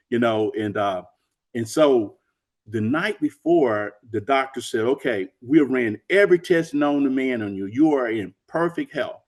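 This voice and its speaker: A man's voice: mid-range voice, a little mellow. A middle-aged man telling an emotional personal story as an interview guest, earnest and acting out the dialogue he quotes.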